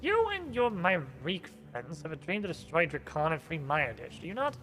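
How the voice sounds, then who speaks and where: A man voicing a scheming, condescending male vampire lord in a low, menacing voice with reverb on it. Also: huge pitch swings, a bit bright. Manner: slow, cool and condescending.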